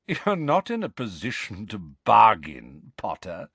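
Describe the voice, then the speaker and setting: Man playing a sneering aristocrat, slow drawl, cold, contemptuous. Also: on the low side, wildly swooping pitch, vocal fry, fairly bright tone, husky, no room sound, heavily acted.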